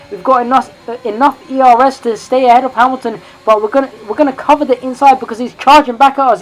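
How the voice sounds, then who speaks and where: A woman giving excited, chatty commentary over her own racing game footage, correcting herself as she goes. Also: a little high, low-quality recording. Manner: excitable, rising and louder in tense moments; chatty, self-correcting asides. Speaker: sim racing video creator.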